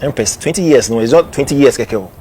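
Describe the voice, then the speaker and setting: A man's voice: medium pitch, expressive, brisk, mellow, a little hiss or hum. A man with a Ghanaian accent hosting a talk show, explaining a case point by point. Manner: explains point by point, laughs in between. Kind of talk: news commentary talk show.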